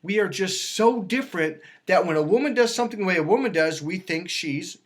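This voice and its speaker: A man talking as a dating coach, emphatic and lively, acting out quoted voices as he explains. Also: high-pitched, brisk. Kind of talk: animated coaching talk.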